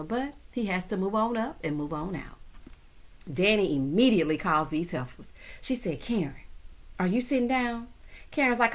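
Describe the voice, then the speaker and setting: A woman's voice: medium pitch, fairly bright tone. A woman recapping a TV episode in a sassy, chatty way, laughing often and talking straight to her viewers. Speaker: TV recap host.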